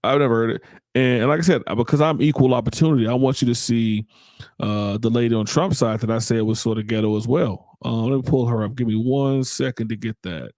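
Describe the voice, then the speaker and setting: A man's voice: medium pitch, a little fast, a little mellow, no echo, clean studio sound. A man hosting a podcast, delivering blunt, indignant opinion commentary and often restarting his sentences. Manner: blunt, indignant, repeats himself while thinking. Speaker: podcast host.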